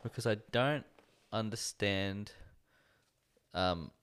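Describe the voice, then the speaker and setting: With a crowd audible behind him, this young Australian podcast co-host speaks slowly in a lowish voice. His casual chat rambles and hesitates, packed with filler words.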